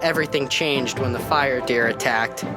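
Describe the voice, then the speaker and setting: A man's voice: mid-range voice, normal speed. A man reading a scripted intro narration in a grand, dramatic way. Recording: loud music under the voice.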